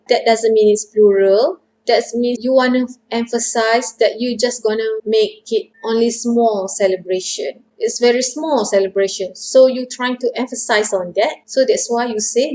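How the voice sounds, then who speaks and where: A woman with a fairly high voice teaches in English, her first language being Malay. She breaks phrases down word by word and repeats the examples with lively intonation. Her delivery is patient and casual. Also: moderate pace, hardly any pauses, poor audio. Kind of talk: casual spoken lesson.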